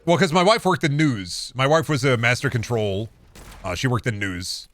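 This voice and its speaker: A married man streaming a video game, rambling sarcastically and insisting in mock calm that he is not mad. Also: mid-range voice, moderate pace. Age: adult, married. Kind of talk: casual gameplay chat.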